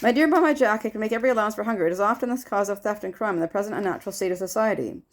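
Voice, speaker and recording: A woman's voice: mid-range voice, racing, natural voice. A woman voicing a doting, fretful elderly father who lectures pompously on his philosophy. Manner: pompous, fretful, long-winded. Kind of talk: audiobook character voice.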